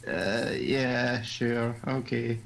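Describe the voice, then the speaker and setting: Teasing Scottish let's player. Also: male voice, mid-range voice, animated, very slow, vocal fry, a bit bright, rough recording. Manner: teasing, sweary banter. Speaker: let's play host. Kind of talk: casual gameplay commentary.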